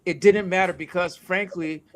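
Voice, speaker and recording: Earnest, reflective man with a higher voice. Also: steady tone, normal speed, fairly bright tone, a little hiss or hum. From born in the United States, raised in Nigeria. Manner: reflective, earnest storytelling with many restarts. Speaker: co-host. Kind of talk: casual conversation.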